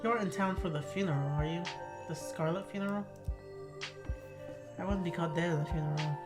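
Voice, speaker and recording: A chatty small-town woman, voiced by a woman reading a game aloud, neighborly and a bit gossipy. She talks easily to a stranger about her old dog. Game music plays clearly behind. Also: on the low side, fairly quick, natural voice. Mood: friendly chatty.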